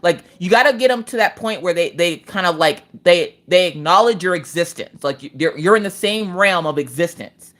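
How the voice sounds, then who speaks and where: Woman, livestream host, casual crafting chat at home, lowish voice, very lively intonation, rambling storyteller. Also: moderate pace, few pauses. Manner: rambling, animated storytelling with frequent "like" fillers.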